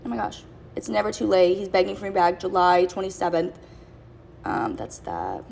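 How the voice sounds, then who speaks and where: Gravelly-voiced young woman telling a story. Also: fairly low pitch, very animated, moderate pace, darkish tone, a little hiss or hum. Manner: rambling, self-correcting, acts out quoted lines. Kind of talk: casual storytime vlog.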